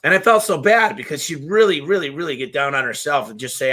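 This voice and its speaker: A fired-up man on a live stream, telling stories in an animated, casual way. His voice is bright and forceful and pushes hard through each point. He swears casually and slides straight from one anecdote into the next. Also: on the high side, quick pace. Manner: energetic, passionate, swears casually. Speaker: business owner hosting a live Q&A.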